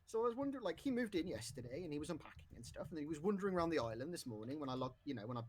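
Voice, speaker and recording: A man's voice: a little high, animated, racing, a little hiss or hum. A man co-hosting a casual podcast, rambling with lots of fillers and restarts, currently with the hiccups. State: has the hiccups. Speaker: podcast co-host.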